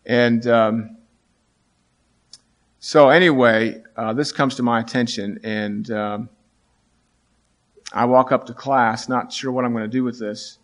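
A middle-aged man, a teacher, tells a story about his students in a voice of ordinary pitch. He speaks earnestly and haltingly, often restarting sentences. His voice lifts when he quotes the students. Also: steady tone. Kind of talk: storytelling talk.

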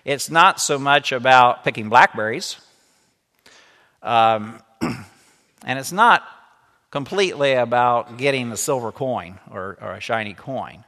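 A man's voice: on the low side, bright, forceful tone. A man teaching a lesson, reading a children's story aloud and stopping to explain it. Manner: explanatory, stops to comment. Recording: echoey room with long reverb.

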